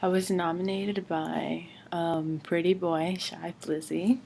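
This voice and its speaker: A young woman from Brooklyn, New York, a college student, chats casually in her dorm room for an accent challenge vlog. Her voice is lowish and slow with vocal fry, and there's a little hiss or hum on the recording. She sounds relaxed but hesitant, full of ums and likes.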